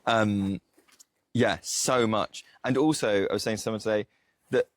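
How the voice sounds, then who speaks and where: A man's voice: lowish voice, steady tone, unhurried, dry recording. A man co-hosting a podcast, chatting casually in a kitchen, rambling and joking at his own expense. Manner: rambling, self-mocking and jokey, full of "like". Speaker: podcast co-host. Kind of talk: casual chat.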